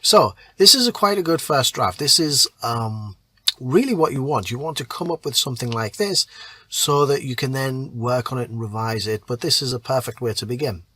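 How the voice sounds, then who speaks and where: A man teaching creative writing. He reads a draft story aloud and then rewrites it, thinking aloud and pausing over words as he edits. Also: mid-range voice, animated, pushed and bright, slightly rough, no room sound. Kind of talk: reading a draft aloud and editing it. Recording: keyboard typing audible behind voice.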